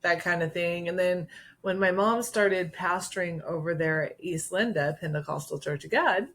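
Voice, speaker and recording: A middle-aged woman with a fairly low voice recounts how she came to faith, speaking loosely and chattily. She pauses on fillers and lets small laughs slip in as she tells her story to her co-host. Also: a bit bright. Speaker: podcast co-host. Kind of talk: personal testimony, casual chat.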